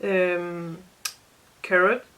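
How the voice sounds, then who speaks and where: A woman's voice: fairly low pitch, flat delivery, drawn-out words, fairly bright tone. A woman chatting casually and playfully on her vlog, laughing often, recorded at home by candlelight. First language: Danish. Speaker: vlogger host. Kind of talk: casual chat. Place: dim room by candlelight.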